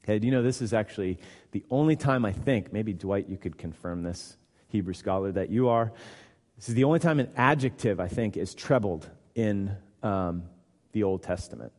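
A man's voice: on the low side, animated, moderate pace, darkish tone, in a large hall. A man preaching a sermon, conversational and teaching, repeating words for emphasis. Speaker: pastor.

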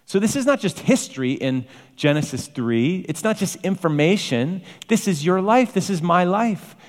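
A man's voice: high voice, lively intonation, moderate pace. A man preaching a sermon with emphatic, varied delivery, rising to exclamations. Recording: long hall reverb.

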